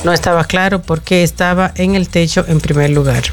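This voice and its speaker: Steady radio co-host reading Spanish news. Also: mid-range voice, fast talker, soft background music.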